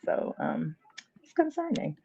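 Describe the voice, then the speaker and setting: A woman guest on a casual panel chat, speaking in a measured, thoughtful way with dry humor. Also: lowish voice, very animated, vocal fry, dark tone, slightly rough, muffled recording.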